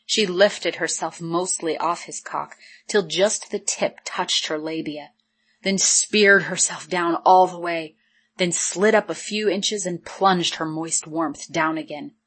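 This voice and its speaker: A woman narrating an audiobook in a steady, measured reading voice. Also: on the low side, husky.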